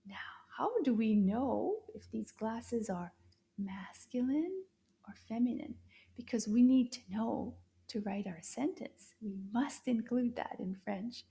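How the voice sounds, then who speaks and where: A woman teaching French to children, speaking slowly and drawing out each word, praising often. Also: a little high, vocal fry, warm tone. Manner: slow, drawn-out repetitions of French words with frequent praise. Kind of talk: slow, encouraging kids' language lesson.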